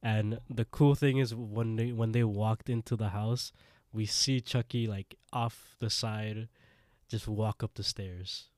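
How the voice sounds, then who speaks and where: A man's voice: lowish voice, steady tone, slow pace, darkish tone, no echo, studio quality. A man co-hosting a podcast, casually retelling a TV episode, acting out the lines and laughing often. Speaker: podcast co-host. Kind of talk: casual recap chat.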